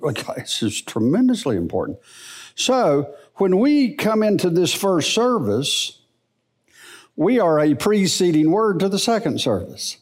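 A middle-aged man teaching the Bible in a church service, in a folksy, unhurried preaching manner. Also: high-pitched. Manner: slow, animated, folksy preaching.

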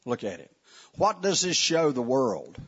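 In a church sanctuary, a pastor preaches in a folksy, direct way, tossing asides to the congregation with a slightly husky edge. His medium-pitched voice swings widely up and down to stress his points, and he takes his time. The recording sounds muffled and lo-fi.

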